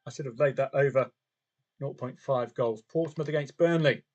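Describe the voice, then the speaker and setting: Hosting a live football trading stream, this man chats casually to his viewers and to himself, tossing out frequent rhetorical questions as he comments on matches and bets. His mid-range voice moves at normal speed and sounds a little mellow, with the highs cut off.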